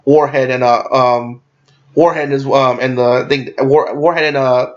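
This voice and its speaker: A man's voice: mid-range voice, fairly even intonation, measured pace. A man giving a casual movie review, rambling and swearing, with lots of fillers and restarts. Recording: dull lo-fi recording.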